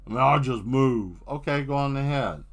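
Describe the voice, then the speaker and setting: A man's voice: medium pitch, normal speed. A man chatting casually on a live stream while he draws, rambling and riffing on jokes. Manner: rambling, joking riffs. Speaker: streaming artist.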